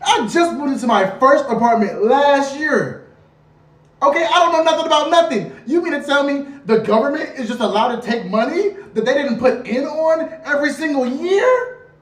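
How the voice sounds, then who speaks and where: Animated young woman in a roomy space. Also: high voice, moderate pace. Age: 20s. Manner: dramatic, loud rhetorical questions, playful slang. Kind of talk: animated rant to camera. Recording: roomy, a bit far from the mic.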